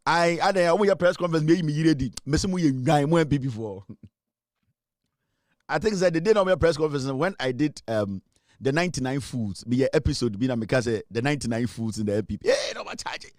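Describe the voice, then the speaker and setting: A young Ghanaian-accented man gives lively, mocking political commentary, his voice sitting a little higher than most men's. He laughs often and keeps swinging between loud outbursts and low asides. The sound is close and dry. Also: brisk, no echo. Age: young adult. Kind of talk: animated live political commentary.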